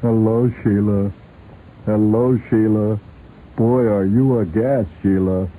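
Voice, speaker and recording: Man doing a slow repetitive talking doll. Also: fairly low pitch, steady tone. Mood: mechanical. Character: talking life-size gift doll. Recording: tinny lo-fi radio with faint hiss.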